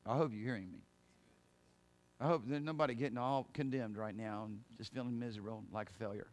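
Delivering a sermon, this middle-aged male pastor is emphatic but chatty, breaking into laughter and brief asides. He has a medium pitch and a steady tone.

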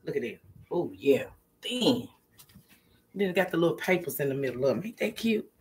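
A woman's voice: low-pitched, sing-song, moderate pace, darkish tone, a little hiss or hum. A middle-aged woman, chatting casually and laughing often with viewers on a live stream while she is tired.

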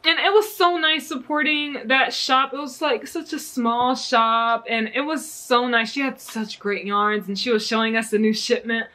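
A young woman from the US talks through her knitting haul in a bubbly, gushing way, laughing often as she goes. Her voice sits a little high and rings very bright. The tone stays casual and chatty. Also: fairly even intonation, normal speed, few pauses. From United States. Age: young adult. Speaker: knitting vlogger. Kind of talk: casual yarn haul chat.

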